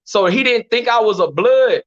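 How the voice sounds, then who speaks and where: Texan man, slangy and animated, high bright voice, dull lo-fi recording. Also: moderate pace. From Texas, USA. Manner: animated, slangy, repeats "you know what I'm saying". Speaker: guest telling prison stories. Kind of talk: casual storytelling interview.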